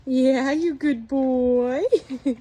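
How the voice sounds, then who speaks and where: A woman's voice: sits high, steady tone, very slow, mellow. A young woman vlogging outdoors at a horse stable, praising her horses in sweet baby talk with lots of giggles.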